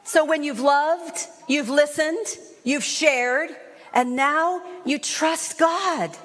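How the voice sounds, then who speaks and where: A woman with a high voice preaches a sermon at an unhurried pace, earnest and storytelling. Her words ring out with a long hall reverb in a church sanctuary, and at times she rises into shouted praise.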